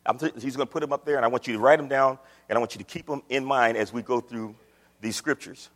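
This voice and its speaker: A man preaching a sermon in a church with a folksy manner, his pitch leaping up on questions. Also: steady tone, fast talker, long reverb tail. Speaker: pastor. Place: church sanctuary. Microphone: microphone on a stand.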